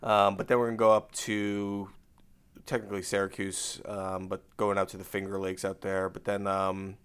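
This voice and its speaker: American guy co-hosting a podcast, low voice, pretty flat, laid back. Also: normal speed, clear, resonant tone. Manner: relaxed, low-key, dry understatement. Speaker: podcast co-host. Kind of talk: casual chat.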